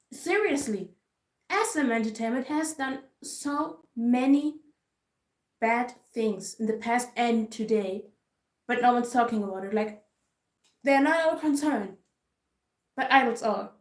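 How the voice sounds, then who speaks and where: Brief: woman vlogger with a somewhat high voice, venting with frustrated emphasis; roomy, echoey recording. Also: animated, unhurried, long pauses. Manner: frustrated, emphatic, repetitive ranting. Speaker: K-pop vlogger. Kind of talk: casual ranting commentary. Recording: roomy echo.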